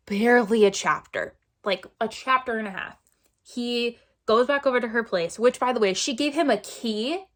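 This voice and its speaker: A woman's voice: on the high side, a bit bright. A woman vlogging a casual book review, exasperated and sarcastic, repeating herself for emphasis.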